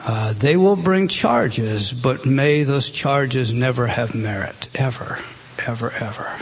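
A man's voice: medium pitch, slow, slight background noise. A middle-aged man preaching a sermon as pastor, earnest and exhorting, with frequent restarts.

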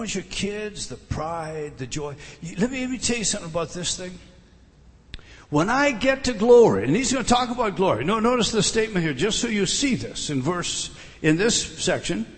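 Man preaching, middle-aged, high voice, emphatic and repetitive, long hall reverb. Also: a little hiss or hum. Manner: emphatic, repeats words, asks the listeners questions. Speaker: pastor. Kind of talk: sermon.

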